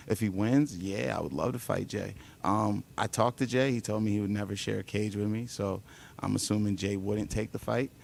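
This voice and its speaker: Gravelly low-voiced trash-talking fighter man. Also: darkish tone, a little hiss or hum. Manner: brash, profane, boastful, taunting. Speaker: fighter at a press conference. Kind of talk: trash talk. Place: press conference room.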